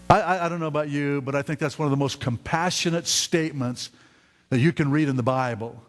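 A man's voice: on the high side, brisk. Earnest preacher man in a reverberant hall. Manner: earnest, with repeated stammered restarts. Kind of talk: sermon.

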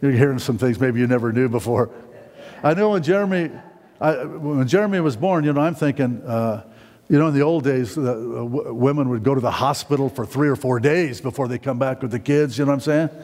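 A man's voice: medium pitch, a little fast, darkish tone. Rambling preacher man in a reverberant hall. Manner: rambling, many fillers and restarts, asks the congregation questions. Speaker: pastor. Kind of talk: sermon.

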